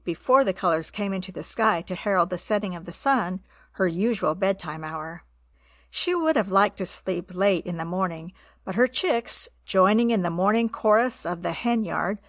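A woman reading a children's story aloud in a gentle, expressive way. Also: medium pitch, dry recording. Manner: gentle, expressive reading with voiced animal parts.

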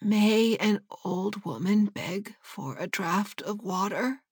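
A woman voicing a feeble, kindly old woman in a fairy-tale reading, speaking slowly in a weak, soft voice that drops at times to a half-whisper. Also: low voice, animated, breathy edge, no room sound, studio quality, full character voice. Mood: gentle, frail.

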